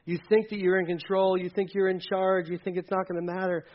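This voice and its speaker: A male pastor preaching a sermon to a congregation, emphatic and urgent, dropping into quiet asides. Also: high-pitched, little pitch movement, brisk, muffled recording. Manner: emphatic, swings between loud urging and quiet asides. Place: church hall with a congregation.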